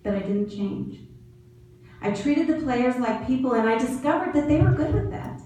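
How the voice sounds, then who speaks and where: A woman's voice: high-pitched, expressive, moderate pace, dark tone. A middle-aged woman giving a commencement speech at a podium in a large hall, telling stories and acting out the lines of the people in them. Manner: storytelling with quoted dialogue. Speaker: graduation speaker. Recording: echoey hall from far off, faint noise.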